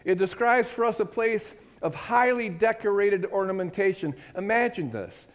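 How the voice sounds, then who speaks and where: A man's voice: high-pitched, lively intonation, moderate pace. A man preaching a sermon, speaking emphatically and calling for amen from the congregation. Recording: hall with long reverb.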